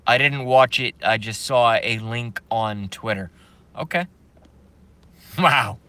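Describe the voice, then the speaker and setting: Slow, bright-voiced man live streaming. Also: mid-range voice. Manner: emphatic and repetitive, laughs in disbelief. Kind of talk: live stream monologue reading chat.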